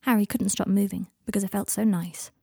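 A woman narrating fiction aloud in a soft, even voice, dropping to whispers on speech tags. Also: mid-range voice, brisk, gravelly, slightly rough, dry recording, studio quality. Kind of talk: audiobook fiction reading.

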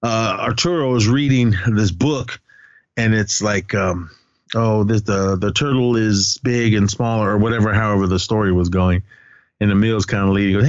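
A man's voice: fairly low pitch, steady tone, moderate pace, no room sound, dull audio. A man co-hosting a podcast, recapping a film's plot casually, rambling and correcting himself with lots of fillers. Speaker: podcast co-host.

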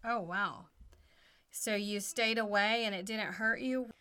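A woman with an ordinary mid-range voice co-hosts a casual podcast from a playroom at home. She leads the talk by gently quizzing her young child with simple questions. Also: medium pitch, unhurried, clear, resonant tone. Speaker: podcast co-host and mother.

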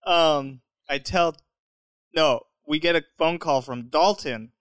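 Young man, high lively voice, dry close sound, laughing storyteller. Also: slow, no echo. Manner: animated, laughing often, acts out quotes. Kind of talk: casual storytelling chat.

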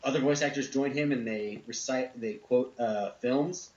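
A man co-hosting a podcast in casual chat, laid-back and halting, with frequent fillers and small laughs. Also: medium pitch, a little mellow. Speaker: podcast co-host. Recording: roomy, dull lo-fi sound.

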